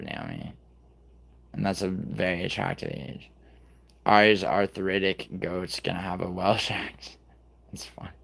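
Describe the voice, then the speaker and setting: A man's voice: low voice, creaky. A man in his thirties hosting a livestream, chatting casually with viewers in a rambling, profane way. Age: 30s. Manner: profane, rambling, talks to chat by name. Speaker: livestream host.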